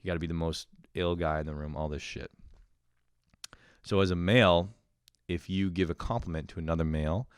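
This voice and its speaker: This podcast host vents to his audience in a casual, loose manner, his very deep and smooth male voice delivering a sarcastic, foul-mouthed rant. The close-miked recording is dry and echo-free, and his pace is fairly quick, with fairly even intonation and long pauses.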